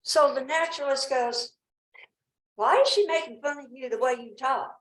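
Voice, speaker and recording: A woman's voice: sits high, moderate pace, echoey room, rough recording. A woman with a Southern accent addressing a town council, talking in a nervous, rambling way and struggling a little with her speech. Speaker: resident speaking at public comment. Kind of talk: emotional personal account. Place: town council meeting room.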